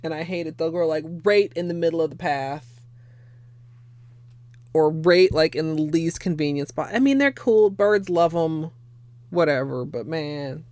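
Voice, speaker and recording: A young woman with a low-sitting, slightly mellow voice speaks at a measured pace, with no room sound. She chats casually on a livestream while doing her nails, swearing freely, laughing often and thanking viewers.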